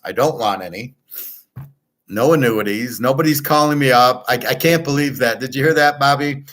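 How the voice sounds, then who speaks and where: A man's voice: medium pitch, a bit bright. A man hosting his own show, talking in a blunt, profane, rambling way with a Detroit accent. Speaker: show host. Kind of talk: casual monologue.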